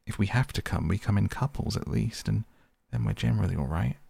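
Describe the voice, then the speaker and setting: A man's voice: on the low side, a little fast, gravelly, dark tone, husky, dry recording, heavily acted. A man voicing a brave, good-natured water rat who speaks in a reassuring, hearty way.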